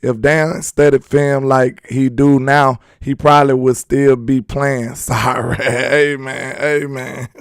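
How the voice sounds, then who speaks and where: A man hosting a casual sports talk stream, slangy and emphatic, speaking straight to his viewers, his voice a bit hoarse. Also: medium pitch, level tone, takes it slowly, hardly any pauses. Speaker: sports talk livestream host. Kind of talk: casual sports commentary, reading chat.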